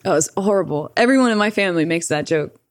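Woman, lowish voice, rambling and profane, dry close sound. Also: animated, fast talker, no echo. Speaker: guest. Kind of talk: casual storytelling.

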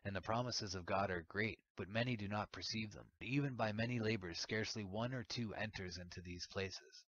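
The sun talking all sad and earnest, low-voiced man reading it, lo-fi muffled. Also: normal speed, few pauses, a bit bright, slight background noise, natural voice. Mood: sorrowful. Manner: sorrowful, earnest. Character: weeping personified sun. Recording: dull lo-fi recording.

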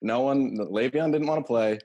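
A man's voice: medium pitch, normal speed, warm tone, lo-fi sound. A young man co-hosting a podcast, talking bluntly and swearing in casual chat. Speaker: podcast co-host.

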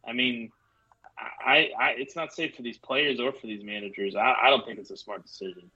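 A man with a husky, sharp-edged voice speaks bluntly in a casual chat, sounding exasperated. The recording is dull and lo-fi. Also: medium pitch, moderate pace.

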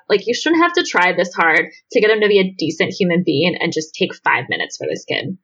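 Woman, podcast co-host, blunt, exasperated, swears freely, husky voice, muffled lo-fi audio. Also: medium pitch, animated, fast talker, hardly any pauses, a bit bright. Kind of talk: casual chat.

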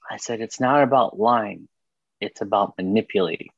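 A man's voice: lowish voice, moderate pace, breathy edge, dry recording, muffled recording. A man co-hosting a casual podcast, telling a story with lots of laughter and swearing. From Mexican-American household. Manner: animated storytelling, laughing, profane. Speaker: podcast co-host. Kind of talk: casual chat.

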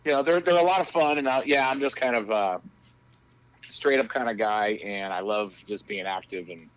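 A man in his fifties, a guest talking casually about his films and music in a rowdy, loud-mouthed, profane way. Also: medium pitch, moderate pace, no room sound, highs cut off. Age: 50s. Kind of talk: casual interview chat.

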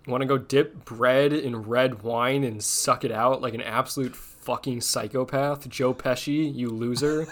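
A man's voice: mid-range voice, steady tone, unhurried, few pauses, a little hiss or hum. A man co-hosting a casual podcast, joking and rambling, swearing freely. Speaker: podcast co-host.

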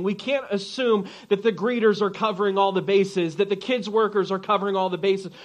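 A pastor with a fairly high voice preaches to his congregation, spinning a lively personal story. He plays the people he quotes, switching voices as the tale goes on. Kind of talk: sermon with storytelling.

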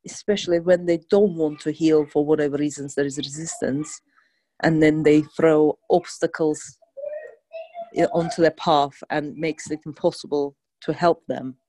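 A woman's voice: deep voice, steady tone, normal speed, mellow, low-quality recording. A woman healing coach guiding a practice session, leading repeated affirmation statements.

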